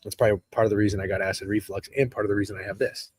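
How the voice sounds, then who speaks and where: A man's voice: lowish voice, steady tone, very fast, darkish tone, husky, no room sound. A man in his thirties, hosting a live stream in casual chat, rambling and profane and answering chat as he goes. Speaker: streamer host. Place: hotel room.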